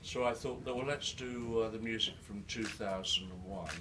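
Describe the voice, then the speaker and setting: An older man speaking to a live audience, halting with many restarts, his words slightly slurred by a new denture. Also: on the low side. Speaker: guest speaker. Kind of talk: live storytelling talk. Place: event hall with an audience. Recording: distant mic in a noisy room.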